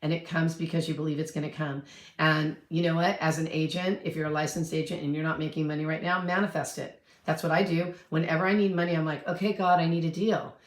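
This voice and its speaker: A woman's voice: sits low, little pitch movement, fast, reverberant. A woman in her fifties, a real estate agent, chatting casually on a livestream, rambling and answering viewer questions.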